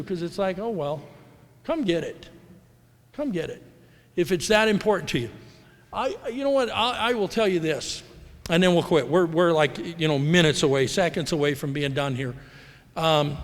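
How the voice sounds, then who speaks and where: A middle-aged man from the United States giving a candid, rambling personal talk at a recovery convention, acting out the voices of people he quotes. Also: a little high. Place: large hall. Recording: live hall recording with long reverb.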